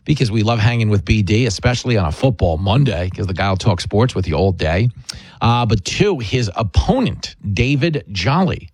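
A man's voice: lowish voice, lively intonation, moderate pace, darkish tone, husky, dry recording. A man hosting a talk radio show, delivering a brash, wisecracking monologue with emphatic asides.

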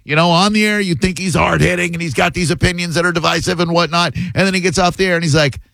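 A man's voice: high-pitched, fairly even intonation, fast, vocal fry, fairly bright tone, no room sound. A man hosting a call-in radio show, teasing callers in a mock-formal way. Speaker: radio host. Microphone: studio microphone.

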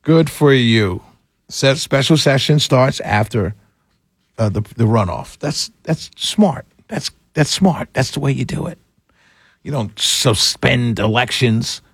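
Gravelly opinionated talk show host. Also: male voice, medium pitch, no echo, clean studio sound. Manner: opinionated, mocking, laughs a lot, does whiny voices. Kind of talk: political talk radio commentary.

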